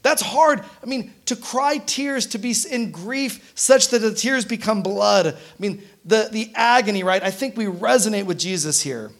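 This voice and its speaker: High-voiced conversational male preacher. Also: normal speed, hardly any pauses. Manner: conversational, frequent tag questions. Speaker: pastor. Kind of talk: sermon.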